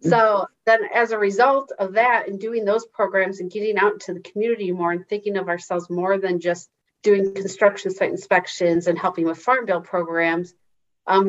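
A woman working for a conservation district, explaining programs as an interview guest in a relaxed, friendly way. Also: medium pitch. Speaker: soil and water conservation district staff. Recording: dull lo-fi sound.

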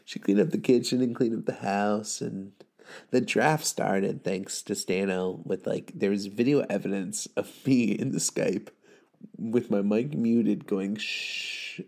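Gravelly sarcastic man ranting. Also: on the low side, mellow. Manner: sarcastic, swearing, ranting, laughing at own jokes. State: sick with covid. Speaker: fantasy league podcaster. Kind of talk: profane rambling recap monologue.

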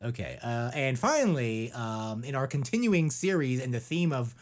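A man co-hosts a podcast in loose, rambling chat, cracking jokes and restarting his sentences. His pitch swings in a lively way, rising and falling as he riffs. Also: normal speed. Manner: rambling and jokey, with many restarts. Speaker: podcast co-host.

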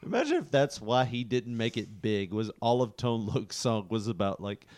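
A man's voice: on the low side, normal speed. A man co-hosting a casual comedy chat, retelling a story and laughing often. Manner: laughs constantly, animated storytelling.

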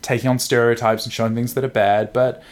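A man's voice: medium pitch, flat delivery, fast talker. A man co-hosting a podcast, chatting casually about a manga, joking and laughing often. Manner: jokey, laughs often, retells scenes in voices. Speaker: podcast co-host.

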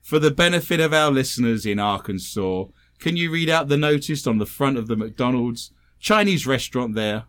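A man's voice: mid-range voice, lively intonation, moderate pace, few pauses, fairly bright tone. A man co-hosting a comedic podcast, reading listener messages in a wry, teasing way and laughing often. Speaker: podcast co-host.

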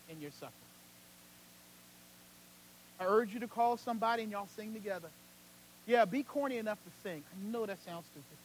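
A man with a strikingly high voice preaches to his congregation. He swings between loud, fervent peaks and quiet, close passages. A faint hum sits under his voice. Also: low-quality recording. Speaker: senior pastor. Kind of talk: sermon.

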